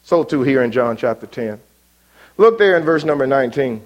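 A man preaching an evening sermon, rising sharply when quoting and dropping soft and low for his appeals. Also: lively intonation, normal speed. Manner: emphatic, rises sharply on quoted words, drops low for appeals.

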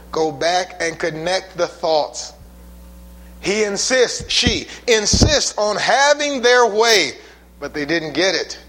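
Guy preaching, fairly high voice, gets loud then drops way down quiet, dramatic. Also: low-quality recording. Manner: dramatic, swings from loud emphatic bursts to low quiet asides. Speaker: pastor. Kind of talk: sermon.

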